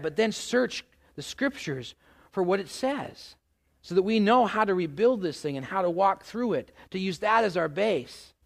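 A middle-aged male pastor preaching a sermon, animated, asking the congregation questions and acting out exasperated outbursts. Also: sits high, gravelly. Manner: animated, acts out exasperated voices with loud outbursts.

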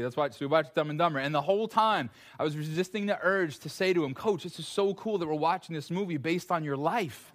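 A man's voice: on the high side, a bit bright. A man preaching a sermon to a congregation, telling stories with self-deprecating jokes. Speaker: pastor.

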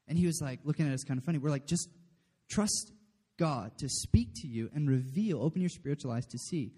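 A man's voice: fairly high pitch, moderate pace, warm tone. A man preaching a casual, chatty sermon, often checking in with the room. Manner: chatty, asks the room "okay?", laughs often. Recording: long hall reverb.

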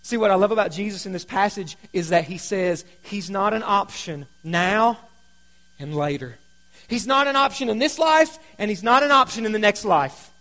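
Pastor, male, very high voice, chatty storytelling sermon with loud and hushed swings. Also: normal speed. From Kentucky.

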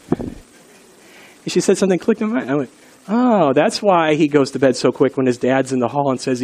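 A man's voice: fairly high pitch, expressive, a little fast, darkish tone. A middle-aged male pastor giving an earnest, conversational sermon and telling stories along the way. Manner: earnest, conversational preaching with storytelling.

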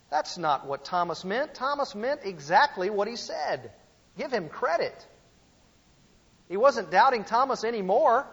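A man's voice: high voice, fairly bright tone, in a large hall, muffled recording. A man preaching a teaching sermon, emphatic, asking his listeners rhetorical questions. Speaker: pastor teaching a series.

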